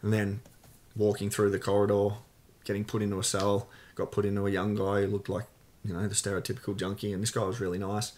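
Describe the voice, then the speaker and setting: A man's voice: fairly low pitch, monotone, fast talker, a little mellow. A man with an Australian accent, a podcast guest telling a personal story in casual, candid talk with many fillers.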